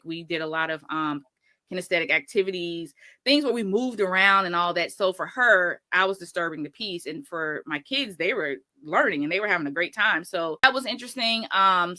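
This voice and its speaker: Bright, rambling woman teacher. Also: fairly low pitch, no room sound. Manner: rambling, with self-corrections. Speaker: teacher and guest. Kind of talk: casual storytelling interview.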